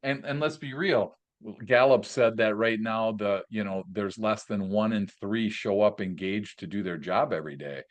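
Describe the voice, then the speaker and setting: A man's voice: fairly low pitch, moderate pace. A man hosting a podcast, enthusiastic and affirming, using lots of fillers as he moves the conversation along. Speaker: podcast host. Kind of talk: podcast interview.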